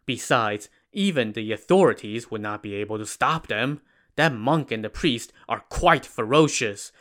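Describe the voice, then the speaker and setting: A man's voice: medium pitch, lively intonation, normal speed, a bit bright, natural voice. Man doing weary starving old monks. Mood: urgent. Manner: pleading, weary.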